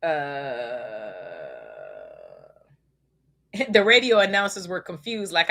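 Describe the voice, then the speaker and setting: A woman talks from her desk at home, gushing and swearing as she tells a story. Her voice is bright and sits at a middle pitch. She breaks into loud squeals when she gets excited. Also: takes it slowly, pauses often. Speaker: podcast host. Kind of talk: casual chat.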